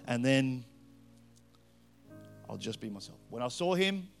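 A middle-aged man with an Australian accent preaching a story-filled sermon, swinging between loud punches and hushed asides. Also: mid-range voice, big pitch swings, unhurried, creaky. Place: church with live band. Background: faint music from a band.

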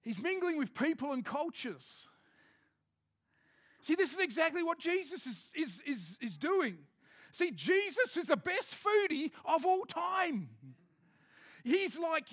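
A man preaching a sermon to his congregation in a lively, joking, conversational way. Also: very high voice, takes it slowly, long pauses. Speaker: pastor. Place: church hall with a congregation.

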